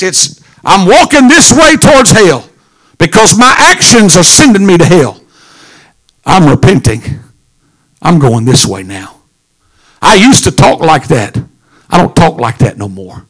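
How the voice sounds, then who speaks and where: A pastor preaching a sermon, swinging from low murmurs to shouted lines. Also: male voice.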